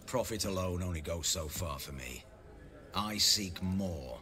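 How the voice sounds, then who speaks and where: An actor voicing a cold, arrogant auction house owner in a video game who speaks condescendingly. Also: male voice, low-pitched, animated, a little slow, pushed and bright, exaggerated voice. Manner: condescending, haughty.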